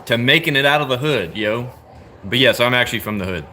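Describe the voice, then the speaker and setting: A man's voice: medium pitch, animated, a little fast, sharp tone, a little hiss or hum. An American man in his thirties, chatting casually with a livestream chat in a blunt, joking, profane way full of slang. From United States. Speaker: livestream host answering chat.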